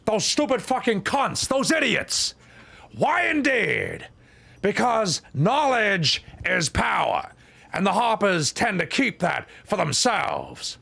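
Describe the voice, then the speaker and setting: A ranting, gravelly tough guy, put on by a man. He barks out fantasy lore with a slow, punchy delivery that swings up into shouting. The voice is raspy and fried at the edges. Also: sits high, very animated, pitched above the performer's own voice, heavily acted. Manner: slow, barking reading of a lore book.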